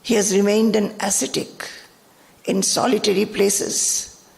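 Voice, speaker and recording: Woman teacher telling a holy story real slow, gravelly voice, hall reverb. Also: medium pitch, level tone, a little mellow. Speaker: spiritual teacher. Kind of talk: devotional storytelling.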